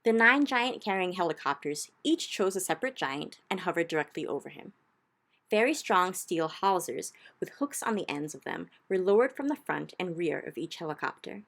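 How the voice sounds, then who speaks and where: A woman narrating a children's book aloud in an expressive storytelling style, lifting her voice for the exciting moments. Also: on the low side, creaky.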